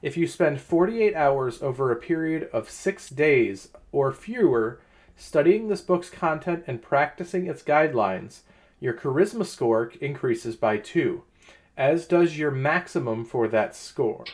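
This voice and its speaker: A man's voice: on the high side, lively intonation, unhurried. A man running a tabletop game as game master, explaining rules and items with frequent "uh" fillers.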